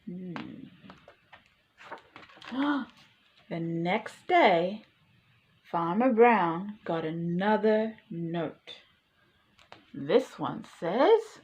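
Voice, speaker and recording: A woman reading a picture book aloud to children, pausing to ask the listener questions. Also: on the high side, highs cut off. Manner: slow, animated, asks the listener questions. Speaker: storytime reader.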